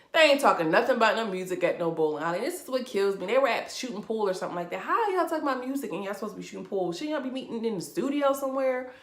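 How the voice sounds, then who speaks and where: A woman's voice: medium pitch, echoey room. A woman giving casual vlog commentary as a reality TV reviewer, talking bluntly and profanely with incredulous laughs.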